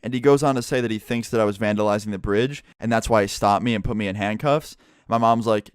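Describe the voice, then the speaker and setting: A young man telling a story in a blunt, animated way, swearing at times. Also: fairly low pitch, quick pace, clean tone, no room sound, clean studio sound. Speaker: vlogger. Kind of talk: casual storytime.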